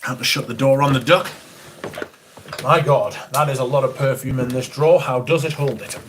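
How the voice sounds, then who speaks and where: Guy on a livestream, middle pitch, sweary, theatrical, grumbly, slight hiss behind. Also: normal speed, a bit bright. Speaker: livestream host. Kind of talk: casual livestream chat. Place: room at home, moving about while tidying.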